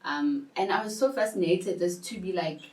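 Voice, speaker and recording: Low-voiced woman, explaining. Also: moderate pace, darkish tone. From South Africa. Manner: thoughtful, explanatory. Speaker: podcast guest. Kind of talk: casual chat. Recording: roomy, distant mic, faint ambience.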